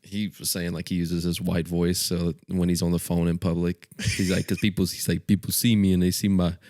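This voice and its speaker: A male podcast co-host with a low voice talks in a loose, casual way. He retells stories and acts out what people said. The sound is dry, with no room echo. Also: flat delivery, a little fast, a little mellow. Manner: retells stories with acted-out quotes. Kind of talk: casual chat.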